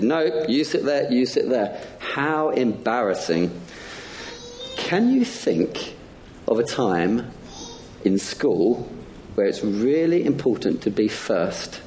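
A man's voice: fairly low pitch, a little mellow, slight background noise. A man giving a playful talk to children during a church service, asking them many questions. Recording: echoey church hall.

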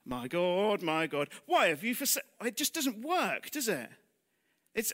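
The man's voice is high and sharp-toned as he preaches a church sermon. It's conversational in style, with rhetorical questions and self-deprecating remarks, and he goes nearly to a whisper on the heavier points.

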